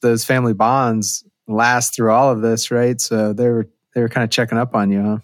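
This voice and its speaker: A man hosting an interview, with a calm and affirming way of asking. His voice is even in pitch and recorded dry and close. He also narrates short links between the answers. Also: normal speed, dry recording. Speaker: interviewer, host.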